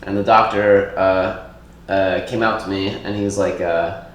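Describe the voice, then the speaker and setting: Man, comedian, low voice, rambling joke-telling, fillers, very echoey room. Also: level tone, normal speed, slight background noise. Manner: rambling storyteller with many fillers. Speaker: comedian podcast co-host. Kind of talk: casual joke-telling chat.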